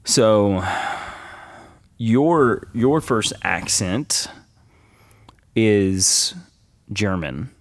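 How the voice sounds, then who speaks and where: A man's voice: on the low side, lively intonation, extremely slow, long pauses, no echo. A man co-hosting a casual podcast, speaking hesitantly with many fillers and nervous laughs. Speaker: podcast co-host.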